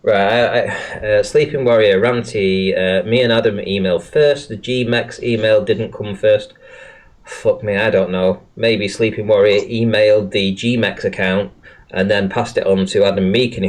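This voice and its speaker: A man's voice: fairly low pitch, a little mellow. A man hosting a casual livestream, swearing often and hesitating with many fillers. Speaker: livestream host.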